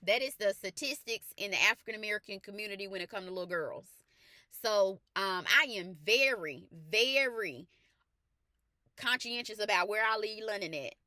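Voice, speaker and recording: Speaking at medium pitch and a steady, moderate pace, a faith life coach relates a personal testimony in a lively, colloquial manner that becomes earnest preaching marked by emphatic repetition. The sound is clean studio audio with no echo.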